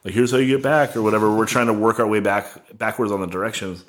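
A man's voice: fairly low pitch, fast talker. A young man casually telling a rambling, profane tour story, full of "like" and laughs. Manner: rambling, heavy on "like", swearing, laughing.

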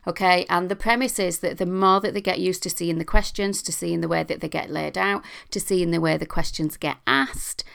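A woman's voice: lowish voice, gravelly, a bit bright, clear, resonant tone. A middle-aged British woman hosting a podcast, talking casually and chattily with a self-deprecating sense of humour. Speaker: podcast host.

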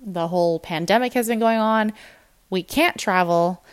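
A woman's voice: mid-range voice, normal speed, smooth. Woman, fitness coach, casual motivational chat; candid and upbeat, mid-range voice, acts out her own self-talk.

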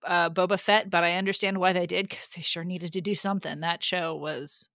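A woman's voice: on the low side, fairly even intonation, a little fast, a bit bright, no room sound, studio quality. A woman hosting a geeky podcast, playful and giggly in casual chat, humming silly sound effects. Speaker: podcast host.

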